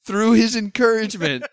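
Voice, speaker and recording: A man's voice: high-pitched, clear, resonant tone, no echo, clean studio sound. A young man hosting a casual chat, telling a self-deprecating story, laughing often and acting out what people said. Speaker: podcast host.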